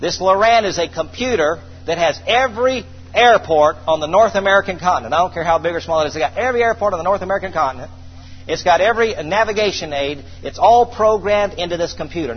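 A man preaching a sermon to a congregation, calling for responses and praising, slowing down to read scripture. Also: sits high, husky. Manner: call-and-response, exclamations of praise. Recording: dull distant hall sound, faint noise.

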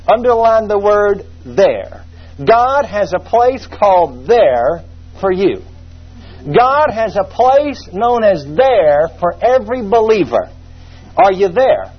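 Husky, high-voiced preacher. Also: male voice, big pitch swings, normal speed. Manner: folksy, humorous Bible teaching with asides. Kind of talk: sermon. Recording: muffled lo-fi sermon recording.

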